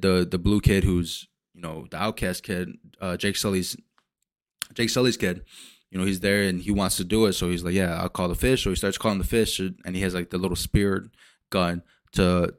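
A man hosting a podcast, recapping a movie in a casual, rambling way, swearing often and acting out characters' lines in quick asides. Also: on the low side. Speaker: podcast host.

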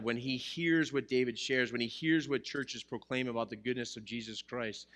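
A man's voice: mid-range voice, pushed and bright. A man preaching a sermon to a live congregation in a church, mixing scripture with jokes and questions to the listeners. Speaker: pastor.

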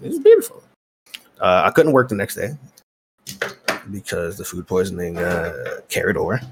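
Deep-voiced and moderately paced, a male podcast host recounts a long story over very noisy audio. He curses a lot and performs both voices in the conversations he describes.

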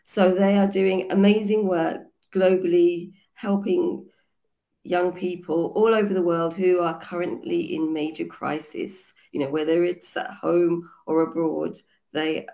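A woman with a cold and a hoarse voice, a children's yoga teacher explaining her book chapter in an earnest way, with many fillers. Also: lowish voice, dark tone. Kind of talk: casual online panel talk.

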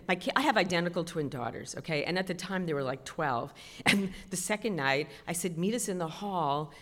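A middle-aged woman telling a self-mocking story on stage, chatty and animated. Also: medium pitch. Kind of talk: stand-up storytelling. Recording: long hall reverb.

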